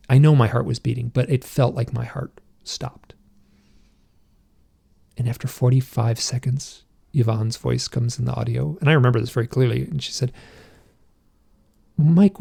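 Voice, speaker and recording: A middle-aged man with a gravelly, creaky voice tells a personal story as a podcast guest. He talks in halting restarts and breaks into intense, emotional outbursts when he quotes himself. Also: mid-range voice, mellow. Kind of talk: recounting a personal experience.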